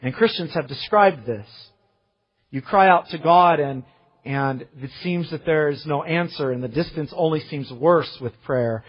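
A pastor preaching a sermon, reading scripture aloud with strong emphasis and rising, ringing phrases. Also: male voice, fairly high pitch, husky. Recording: muffled sermon audio with long hall reverb.

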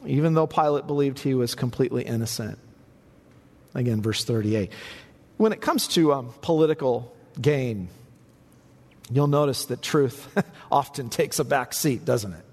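A man preaching a sermon as pastor, building to emphatic peaks and dropping low for quiet points. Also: animated, moderate pace, long pauses. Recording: long reverb in a large hall.

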